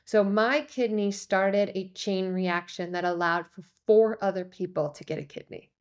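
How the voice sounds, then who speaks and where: A woman, a podcast guest, telling a personal story in a lively way and acting out the voices of the people in it. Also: mid-range voice, normal speed. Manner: lively, acts out quoted voices. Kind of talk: conversational storytelling.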